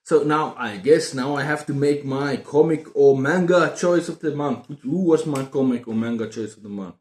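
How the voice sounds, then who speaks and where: A man chatting casually about books on his video channel, excitable and prone to repeating himself. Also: medium pitch, normal speed. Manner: excitable, repeats words and phrases. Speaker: book vlogger. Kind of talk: casual book review chat. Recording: roomy echo.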